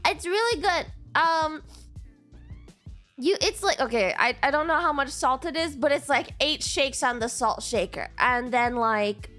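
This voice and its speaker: A woman's voice: high voice, animated, unhurried, a bit bright, faint music behind. A young woman streamer, freshly woken and sleepy, chatting casually with viewers, giggling and swearing. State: sleepy, just woke up. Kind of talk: casual livestream chat.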